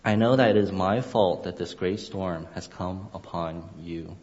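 A man's voice: sits low, measured pace, darkish tone, lo-fi sound. Man preaching in a reverberant hall. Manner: expository, explains Hebrew words, acts out dialogue. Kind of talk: sermon.

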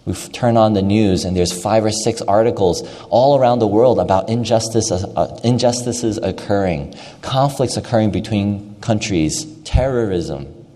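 A man's voice: fairly low pitch, normal speed, dark tone. A man preaching a sermon with emphasis, repeating key phrases and asking rhetorical questions. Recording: long reverb of a large hall.

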